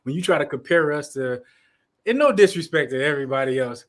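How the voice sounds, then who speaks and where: A man's voice: a little high, animated, a little fast. Laid-back slangy man from Chicago. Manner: laid-back slangy talk, repeats himself. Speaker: co-host, league commissioner. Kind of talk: casual live-stream chat.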